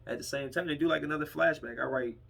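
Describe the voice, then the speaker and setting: Husky-voiced man rambling through a plot. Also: on the high side, quick pace, fairly bright tone. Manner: rambling, acts out characters' lines while retelling. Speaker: podcast movie reviewer. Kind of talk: casual plot retelling.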